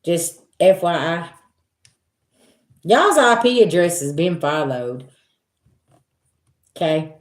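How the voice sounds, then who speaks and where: This Black woman, a spiritual reader with a low-leaning voice, hosts a relaxed livestream from her house and addresses viewers head-on with animation. She speaks slowly with long pauses, keeps returning to "listen" and "okay," and the recording has a spacious, echoing quality.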